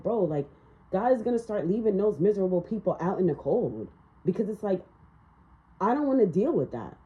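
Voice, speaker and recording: A woman's voice: medium pitch, muffled recording. A woman giving a casual spiritual tarot reading in a blunt, ranting manner, swearing freely. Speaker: tarot reader.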